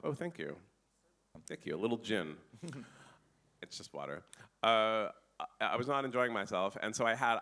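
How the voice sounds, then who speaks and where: Man, deadpan storyteller, festival stage, lowish pitch, bright forceful tone, stammering restarts. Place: festival tent with live audience.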